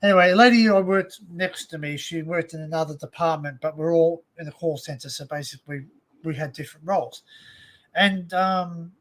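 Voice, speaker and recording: A man's voice: a little high, brisk. An Australian man hosting a live stream chat from a home setup, talking into a desk microphone in a loose, rambling way full of "you know" and "like". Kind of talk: casual chat.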